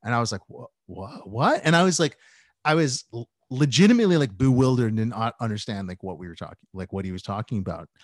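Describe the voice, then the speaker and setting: A man tells a rambling, profane story with a self-mocking edge, in casual podcast chat. His pitch swings lively up and down. The sound is dry and close, with no room around it. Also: fast talker, no room sound. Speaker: podcast co-host.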